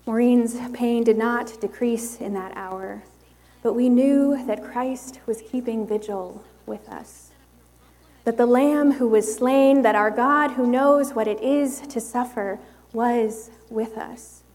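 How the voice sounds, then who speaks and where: A woman preaching a sermon in a slow, measured, reflective way. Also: on the high side, darkish tone, long reverb tail.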